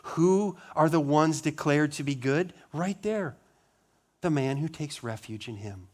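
A man's voice: lively intonation, a little slow. Man preaching with rhetorical questions. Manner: rhetorical questions, rising emphasis on key words; drops to a low, quiet voice on solemn lines. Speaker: pastor. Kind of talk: sermon.

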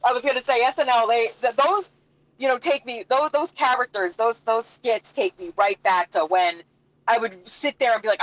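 A woman co-hosting a casual chat, warm and chatty, laughing easily and searching for words. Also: fairly high pitch, normal speed, no echo, poor audio. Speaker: co-host.

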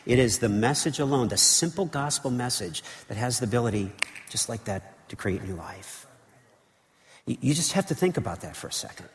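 Man pastor, animated casual sermon voice, long church reverb, mid pitch. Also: normal speed, slight background noise. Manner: animated, conversational preaching with frequent "okay" and "right". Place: church sanctuary.

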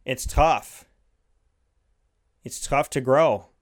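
A man's voice: medium pitch, a little slow, pauses often. A man giving an earnest, heartfelt motivational monologue, repeating his points for emphasis.

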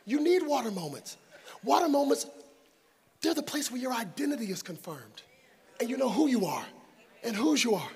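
Guy pastor preaching in church, real high voice, gets loud then goes quiet. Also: sing-song, normal speed, long pauses, slightly rough, big-room sound. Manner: preaches with rising shouts and soft whispered asides; dynamic, swings from loud to hushed. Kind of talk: sermon. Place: church sanctuary before a congregation.

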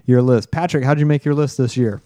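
A man's voice: mid-range voice, steady tone, brisk, dark tone, no room sound, clean studio sound. A man hosting a casual podcast chat, telling rambling stories and laughing often. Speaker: podcast host. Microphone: close podcast mic.

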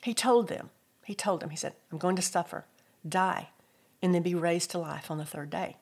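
A woman's voice: lowish voice, normal speed, darkish tone, breathy edge. A middle-aged woman giving a devotional teaching talk, telling personal stories and lifting her voice for scripture quotes. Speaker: Christian speaker.

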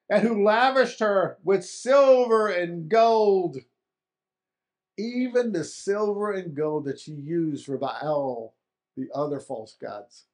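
A man preaching a sermon in a conversational way, repeating words for emphasis. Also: high-pitched. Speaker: pastor.

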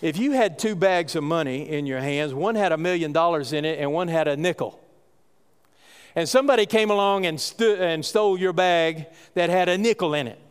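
A man's voice: a little high, normal speed, clean tone. Man, pastor, folksy emphatic sermon, resonant voice, reverberant church hall. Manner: folksy, emphatic preaching with rising exclamations. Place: church sanctuary.

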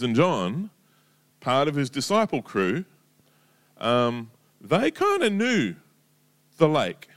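A man's voice: fairly high pitch, clear, resonant tone. Chatty man preaching. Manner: conversational storytelling, lively, chatty asides. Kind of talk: casual sermon.

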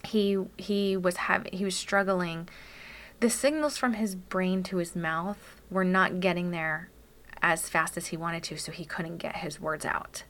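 A woman's voice: on the low side, fairly even intonation, measured pace, a bit bright. A woman co-hosting a casual parenting chat, sharing candid stories in a thoughtful way. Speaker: podcast co-host.

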